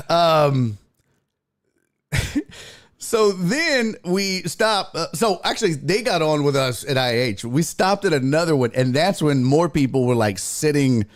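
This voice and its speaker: A man hosting a sports talk show, telling a profane story in a casual comedic way and putting on other people's voices. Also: on the high side. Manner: animated, profane, voices people in his stories. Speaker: podcast host.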